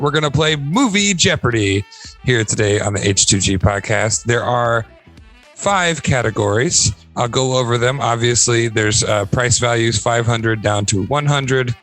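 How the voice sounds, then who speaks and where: A man's voice: mid-range voice, expressive, moderate pace, a bit bright, faint music behind. An upbeat man from Ohio hosting a casual podcast chat, laughing often. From Northern Ohio. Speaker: podcast host.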